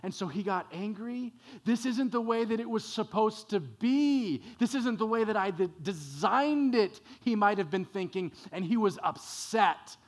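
Slow-speaking preacher with a raised voice. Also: male voice, high-pitched, expressive. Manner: dramatic, swinging from quiet to emphatic. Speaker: pastor. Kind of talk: sermon.

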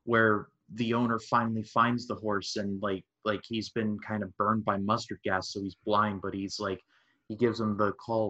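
Animated man talking movies. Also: lowish voice, moderate pace, muffled recording. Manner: animated, retells scenes with quoted voices. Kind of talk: casual movie discussion.

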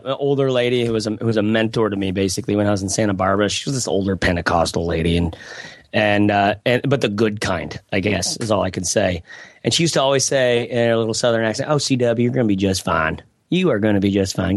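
A man's voice: mid-range voice, dry recording, studio quality. A man speaking as a podcast guest in casual conversation, rambling and reflective with many restarts and asides.

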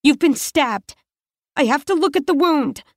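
A woman's voice: sits high, animated, a little slow, no room sound, studio quality, voice pushed up. A woman voicing a fierce teenage girl who gives urgent, commanding orders, her voice raised above her narration. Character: fierce, bossy teenage girl taking charge.

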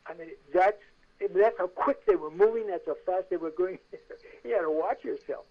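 An older man recounts his acting days with lively energy, jumping into the voices of the people in his stories. His voice sits a little high. The line sounds muffled and lo-fi. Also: brisk. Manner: animated anecdotes, acts out quoted voices. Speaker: guest, actor. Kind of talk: casual storytelling interview.

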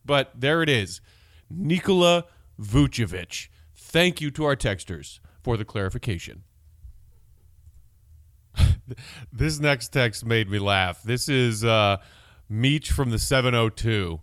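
A man hosting a solo sports podcast, chatting casually and excitably and reading listener texts aloud. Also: mid-range voice, takes it slowly, pauses often, no room sound. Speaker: podcast host.

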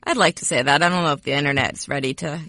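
A woman co-hosts a sports podcast in a casual back-and-forth. She makes wry, sarcastic asides. Her voice is bright and crisp, and it is recorded close with no room sound. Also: low-pitched, quick pace, dry recording. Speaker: podcast co-host.

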